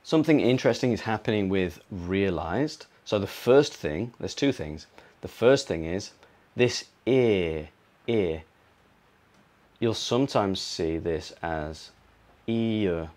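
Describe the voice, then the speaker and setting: A British man teaching a pronunciation lesson, explaining slowly and repeating words to model them. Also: sits low, lively intonation, a little mellow. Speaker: English teacher.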